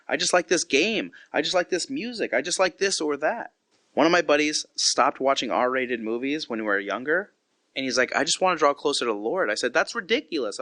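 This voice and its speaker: Man, thirties, earnest devotional podcast talk, bright forceful tone, dry close mic. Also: a little high, dry recording. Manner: earnest, conversational, acts out quotes. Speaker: podcast host.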